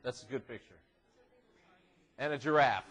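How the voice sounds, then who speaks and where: A man giving a youth devotional at church in an animated, joking way, teasing the teenagers in front of him. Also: mid-range voice, normal speed. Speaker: youth minister. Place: church classroom.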